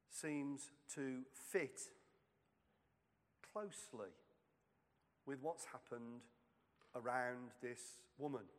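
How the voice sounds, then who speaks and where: A man giving a sermon reflection, reading in a slow, measured way with long pauses. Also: medium pitch, a bit bright, long reverb tail. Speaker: preacher.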